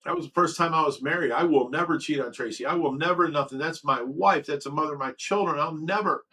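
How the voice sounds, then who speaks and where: Casual livestream host, male, a little high-pitched, emotional and frank as he reads chat aloud. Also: fast talker, bright, forceful tone, rough recording. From Ohio.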